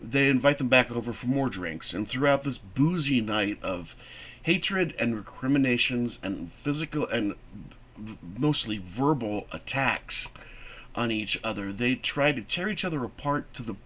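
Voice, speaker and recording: A man teaching a theater class, explaining a play in an animated, conversational way. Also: mid-range voice, unhurried. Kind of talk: classroom lecture.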